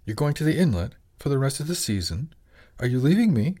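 A man voicing a gentle, affectionate wife who talks in a warm, reassuring way. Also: mid-range voice, big pitch swings, fast talker, pitched above the performer's own voice. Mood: anxious. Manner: warm, reassuring, softly teasing. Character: affectionate wife, middle-aged woman, gentle.

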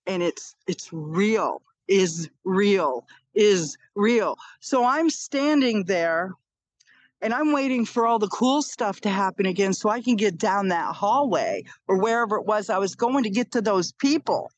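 A woman's voice: medium pitch, lively intonation, normal speed, no echo. A woman in her fifties, a podcast guest, earnestly telling a personal story and repeating phrases for emphasis.

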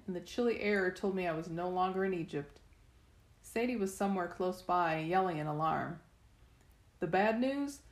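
A woman reading a novel aloud in first person, steady storytelling with the odd restart. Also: on the low side. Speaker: reader. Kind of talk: first-person audiobook narration. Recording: echoey room.

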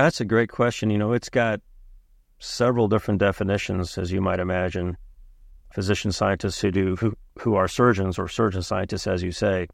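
A middle-aged man, a urologist guest on an interview podcast, telling stories and explaining in a thoughtful, measured way. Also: sits low, gravelly, breathy edge, dry recording, clean studio sound. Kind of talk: conversational interview.

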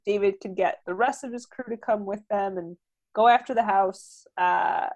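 Woman, podcast co-host, casual movie recap, rambling, filler-heavy, middle pitch. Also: moderate pace, darkish tone, dry recording, highs cut off. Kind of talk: casual chat.

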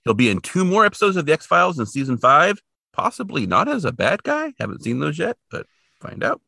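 A man co-hosting a podcast, chatting casually and rambling through animated asides. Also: on the high side, a little fast, gravelly, dry recording, studio quality. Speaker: podcast co-host. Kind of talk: casual chat.

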